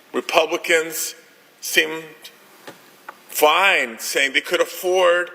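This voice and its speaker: A man senator making a deliberate, indignant floor speech. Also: a little high, bright, forceful tone. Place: large legislative chamber. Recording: echoey legislative chamber.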